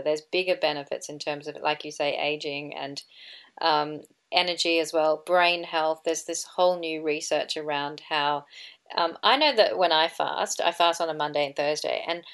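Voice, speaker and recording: A woman's voice: low voice, fairly bright tone. A woman guest speaking earnestly about her habits in an interview. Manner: earnest, musing. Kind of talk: interview answer.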